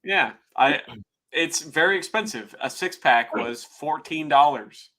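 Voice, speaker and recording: A man's voice: a little high, lively intonation, measured pace, sharp tone, rough recording. A man chatting casually at home over beer, sarcastic and swearing freely. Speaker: livestream host. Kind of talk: casual drinking chat.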